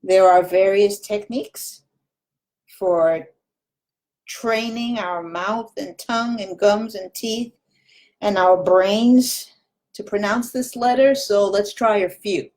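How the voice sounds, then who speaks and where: A woman teaching a Spanish lesson at a very slow, unhurried pace and a mid pitch. She patiently repeats practice words and demonstrates sounds, drawing out each one for the learner. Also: a little mellow. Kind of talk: recorded language lesson.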